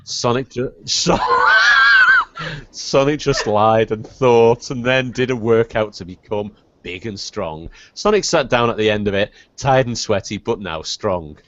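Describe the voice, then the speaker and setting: An adult man co-hosts a comedy podcast, reading a story aloud in mock fashion and chatting animatedly with lots of laughter and swearing. His lowish voice is unhurried yet shouting, over slight background noise, in dull lo-fi podcast audio.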